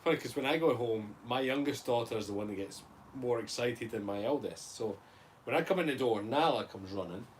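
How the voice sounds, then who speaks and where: A middle-aged Scottish man co-hosting a casual live chat, playful and sweary, telling stories with lively voices. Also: medium pitch, fairly quick, slight background noise. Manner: sweary, playful, animated storytelling. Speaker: co-host.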